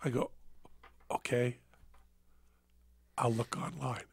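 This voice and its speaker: Male podcast host, gravelly, dry close sound, self-deprecating storyteller. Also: medium pitch, takes it slowly, pauses often, dry recording. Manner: self-mocking storyteller acting out dialogue. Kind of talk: casual storytelling chat.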